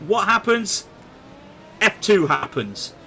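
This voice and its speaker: Male sim-race commentator, high and bright, excitable, faint noise. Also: slow pace, vocal fry. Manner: excitable, shouts at crashes. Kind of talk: sim racing live commentary.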